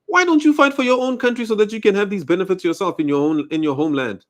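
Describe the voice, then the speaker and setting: A man's voice: high-pitched, fast talker, few pauses. A man from South Africa with a South African accent, delivering an angry, emphatic, accusatory monologue to camera and hammering his points with repetition. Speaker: commentary channel host. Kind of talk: heated monologue rant.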